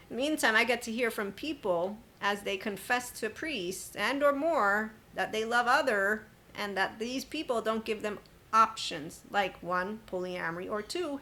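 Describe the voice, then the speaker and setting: A woman's voice: fairly high pitch, unhurried, bright, forceful tone. A woman hosting a spiritual self-help podcast, talking in an emphatic, chatty monologue. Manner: emphatic, chatty, quoting others with sudden laughs. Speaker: podcast host.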